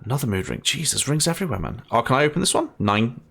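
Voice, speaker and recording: A man's voice: medium pitch, very animated, fast, vocal fry, a bit bright, slight background noise. A Scottish man giving casual, chatty commentary as he plays a game, laughing often and thinking aloud. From Scotland. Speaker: gaming streamer.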